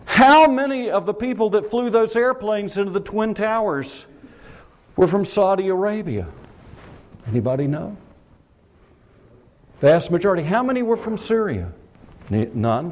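A man delivers a sermon in an impassioned style. His voice sits high and leaps up and down across a wide range. He fires rhetorical questions and swings between shouts and hushed lines. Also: sing-song, moderate pace. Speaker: preacher.

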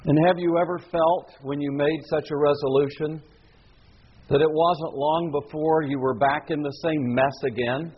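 A man's voice: a little high, steady tone, moderate pace, breathy edge, muffled recording. A man preaching a sermon in an earnest, emphatic way, asking the listeners questions. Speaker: pastor.

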